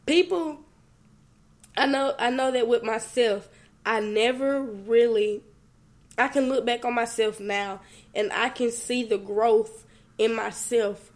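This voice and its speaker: Young woman podcaster, teary and earnest, talks to listeners like friends, voice sits a bit high. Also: takes it slowly. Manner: earnest, conversational, addresses listeners as y'all. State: tearful. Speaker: podcast host. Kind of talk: personal faith reflection.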